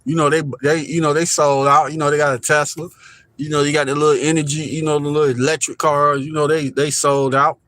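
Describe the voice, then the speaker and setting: Driving downtown, a man talks to viewers on a live stream filmed on a phone camera, pointing out sights while rambling and repeating himself in casual commentary. He speaks briskly in a flat, fairly high voice that's a bit bright. There's no echo in the car.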